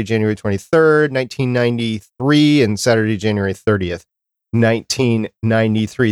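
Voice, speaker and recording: A man's voice: medium pitch, dry recording. Chatty male podcast host, dry sound. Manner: chatty, reads out dates and lists. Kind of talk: casual podcast chat.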